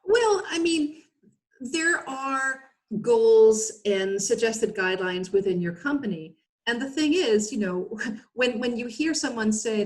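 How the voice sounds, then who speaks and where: A woman's voice: fairly high pitch, expressive, slow. A woman speaking as a guest expert in a webinar over a video call, explaining in a conversational way with frequent fillers.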